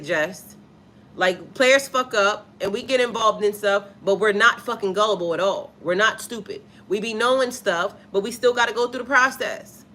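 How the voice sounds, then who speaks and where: A woman's voice: medium pitch, a bit bright, slight background noise. A woman who is a spiritual life coach talks bluntly and with lots of swearing in a casual live stream, stopping to read out comments from viewers. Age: adult with a child. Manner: blunt, profane, emphatic.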